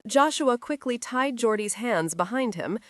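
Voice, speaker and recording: Expressive woman narrating a romance audiobook. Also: a little high, unhurried, no echo, clean studio sound. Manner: expressive, voices each character.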